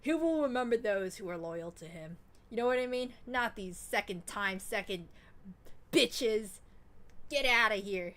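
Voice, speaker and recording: A woman streamer chatting casually while playing a game, excitable and rambling, swearing freely. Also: medium pitch, measured pace. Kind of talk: casual gaming stream chat.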